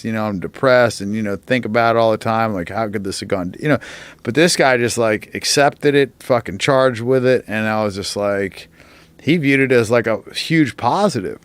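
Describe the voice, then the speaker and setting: A man's voice: medium pitch, clean tone, dry recording. A man telling a long story as a podcast guest, swearing often and filling his speech with "like" and "you know". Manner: profane, filler-heavy storytelling. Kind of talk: casual storytelling. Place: podcast studio.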